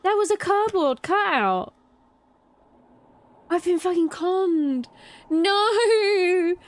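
A woman's voice: extremely high pitch, lively intonation, slow pace. A young woman chatting and reacting expressively while playing a video game, often swearing and laughing. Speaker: game streamer. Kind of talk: casual let's-play commentary. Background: game music.

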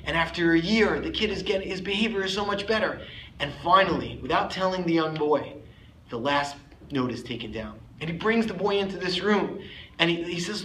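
A man's voice: a little high, expressive, a little fast, fairly bright tone, slight background noise. A man giving a sermon as a rabbi, telling a story emphatically and lifting his voice on key words. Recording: echoey room, faint ambience.

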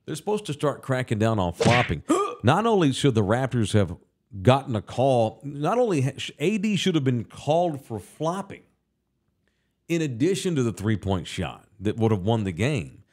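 A man's voice: mid-range voice, big pitch swings, normal speed, darkish tone. A man hosting a casual talk show, ranting profanely and with animation.

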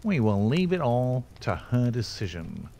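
A man's voice: medium pitch, big pitch swings, a little slow, creaky, mellow, a little hiss or hum, pitched above the performer's own voice. A man voicing a vain, smirking rich young man who brags and threatens. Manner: smug, scolding, self-satisfied.

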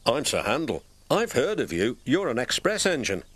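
A man's voice: medium pitch, huge pitch swings, moderate pace, a bit bright, breathy edge, pitched above the performer's own voice, full character voice. A British man voicing a proud, grumpy, snobbish male steam engine in a storybook reading, with a haughty, complaining manner. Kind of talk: storybook character voice.

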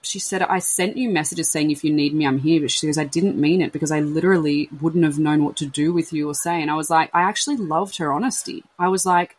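Husky woman, candid and rambling. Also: sits low, fast, few pauses, rough recording. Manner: emotional, rambling, acts out quoted friends. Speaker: podcast host sharing her baby loss. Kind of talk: candid casual chat.

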